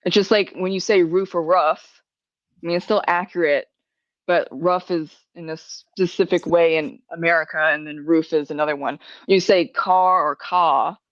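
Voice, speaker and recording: Lady hosting a podcast, kinda low voice, laughy and sweary, dead dry muffled sound. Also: steady tone, moderate pace, dry recording. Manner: chatty, laughs often, swears freely. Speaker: podcast host. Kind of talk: casual podcast chat.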